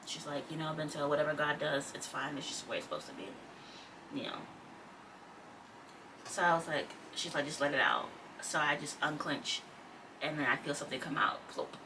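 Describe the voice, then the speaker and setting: Speaking at a moderate pace with long pauses, a young woman in her twenties with a low voice shares a personal story with her vlog viewers. Her manner is conversational, heavy on "like" and quoted speech, and the distant mic catches faint background noise.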